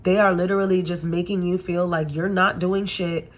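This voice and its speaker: A woman's voice: steady tone, normal speed. A young adult woman, a spiritual reader, giving blunt, profane and slangy advice in a casual monologue. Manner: acts out quoted people in high gushing voice.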